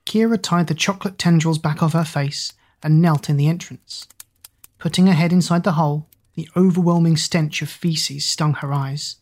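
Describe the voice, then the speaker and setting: Husky, low-voiced woman reading a story. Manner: steady, expressive storytelling. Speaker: narrator. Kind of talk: scripted audiobook narration.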